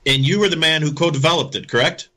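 A man's voice: fairly high pitch, fast talker, pushed and bright. A man hosting an interview, agreeing and supportive, repeating words as he talks. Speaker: interview host. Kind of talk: casual interview.

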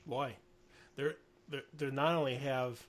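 A man's voice: mid-range voice, steady tone, a little slow. A man co-hosting a casual podcast chat, laughing often and hesitating with fillers. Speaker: podcast co-host.

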